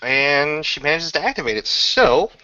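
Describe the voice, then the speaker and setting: A man playing a tabletop game, describing his character's actions in a casual, halting way with lots of fillers. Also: on the high side, lively intonation, pushed and bright, no echo, dull audio. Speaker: tabletop player.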